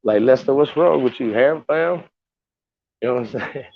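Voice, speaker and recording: A man's voice: medium pitch, moderate pace, vocal fry, dry recording. A man hosting a casual livestream, talking to viewers in a heated, profane, rambling way with many restarts. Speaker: livestream host. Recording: dull lo-fi sound.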